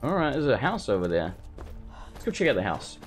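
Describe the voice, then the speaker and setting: A man, streaming a live let's play with excitable, sweary commentary and jumpy reactions to the game. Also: medium pitch, brisk, faint music behind. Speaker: gaming streamer.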